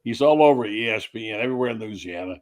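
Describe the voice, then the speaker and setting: A man's voice: fairly low pitch, expressive, fast talker, a little mellow. A male host of a sports talk show who opens the night and chats with a guest. His talk is loose and rambling, and he pokes fun at his own wrong picks. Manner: chatty, rambling, self-deprecating.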